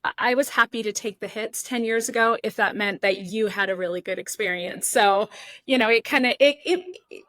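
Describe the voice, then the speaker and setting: A woman's voice: medium pitch, normal speed, a bit bright, dry recording. A middle-aged woman hosting a podcast, talking in a reflective, rambling way about her own time as a contestant years ago. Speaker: podcast host, former cooking show contestant. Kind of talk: casual interview chat.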